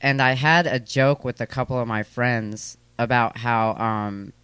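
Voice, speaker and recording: Man, 30s, smooth voice, loose self-deprecating rambling talk, dry studio mic. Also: medium pitch, fairly even intonation, unhurried, fairly bright tone, no echo. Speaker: guest, comedic performer. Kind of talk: casual conversational interview. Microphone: studio microphone.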